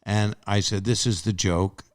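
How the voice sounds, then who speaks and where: A man's voice: on the low side, steady tone, unhurried, no room sound, clean studio sound. An older man hosting a podcast in casual chat, rambling and restarting his sentences as he tells his own stories. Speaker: podcast host.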